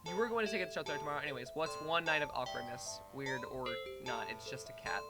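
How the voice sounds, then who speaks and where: Streamer reading a story on stream, throat kinda rough, keeps baby-talking the cat, music behind. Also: mid-range voice, expressive, quick pace. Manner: playful, breaks off from the story to baby-talk a pet cat. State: slightly strained throat. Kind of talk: reading a second-person story aloud on a livestream. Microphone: headphones and desk mic.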